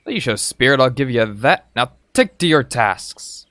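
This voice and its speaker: A man reading out a gruff, harsh male Marine drill sergeant from a video game, barking insulting commands. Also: mid-range voice, lively intonation, a little slow, a bit bright, no echo, studio quality. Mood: stern.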